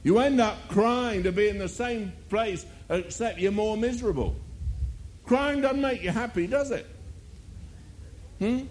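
A man's voice: sits high, a little slow, long pauses, a little mellow. A male preacher delivering a sermon, firing rhetorical questions and mocking asides.

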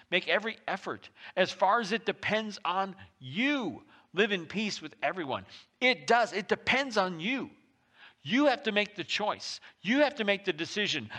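A male pastor giving a conversational sermon, swinging between loud pushes and soft drops. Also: high-pitched, big pitch swings, normal speed. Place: church.

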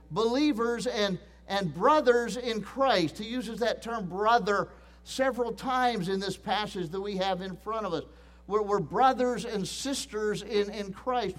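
A middle-aged man preaching a sermon, earnest and emphatic, often restarting phrases and repeating key points. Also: high voice. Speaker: pastor.

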